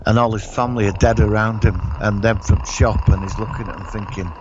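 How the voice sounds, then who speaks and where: A man's voice: on the low side, fairly even intonation, fairly quick, dull audio. A man, co-hosting a casual podcast and telling a rambling comic story with lots of restarts. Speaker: podcast co-host. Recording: noisy home recording.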